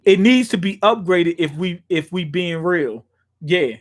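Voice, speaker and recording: A young man with a high, expressive voice speaks at an unhurried pace while streaming from a small room at home. He's reacting to a manga chapter in casual live-stream chat, swearing freely and thinking aloud with plenty of fillers.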